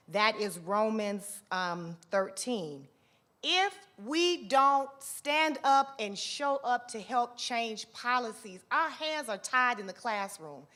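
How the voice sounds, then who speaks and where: A woman's voice: fairly high pitch, a bit bright. A woman emceeing a church women's conference in a church hall, rallying the audience in an upbeat way as she introduces the next speaker. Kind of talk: church event hosting.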